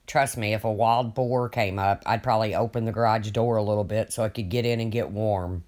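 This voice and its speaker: A man's voice: fairly low pitch, fairly even intonation, brisk, darkish tone. An older man rambling casually to viewers on his livestream, folksy and swearing freely as he reads their comments. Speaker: livestream host.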